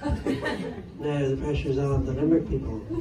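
A man's voice: mid-range voice, very animated, normal speed, background noise. A man doing a stand-up set on a comedy club stage, chatting wryly with the crowd between jokes. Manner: rambling, wry, chatty with the audience. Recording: roomy live club sound from far off. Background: audience laughter.

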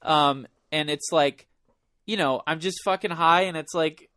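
A man co-hosting a podcast, telling a story in casual chat, animated and profane, acting out his own panicked thoughts. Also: a little high, measured pace, no room sound, clean studio sound. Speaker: podcast co-host.

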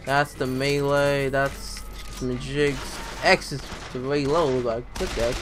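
A young man giving casual, excitable gameplay commentary, swearing and talking to himself as he plays. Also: medium pitch, takes it slowly, music in the background. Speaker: let's play gamer.

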